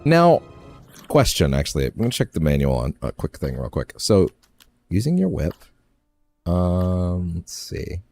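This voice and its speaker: A man's voice: deep voice, very animated, unhurried, a little mellow, soft background music. A man casually commenting as he streams a game, rambling and often restarting his phrases.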